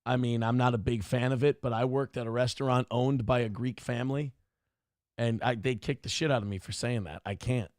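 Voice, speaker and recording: A man's voice: medium pitch, steady tone, brisk, darkish tone, dry recording, clean studio sound. A man hosting a live-stream commentary show, talking in a sarcastic, profane, mocking way. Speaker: show host.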